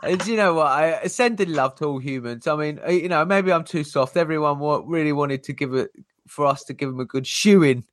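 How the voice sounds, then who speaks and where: A British man with a fairly high voice co-hosts a casual live stream in a joking, teasing way. The recording is dry and close. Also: brisk, no echo. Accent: British English. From Britain. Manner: jokey and teasing. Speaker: co-host of a crypto live stream.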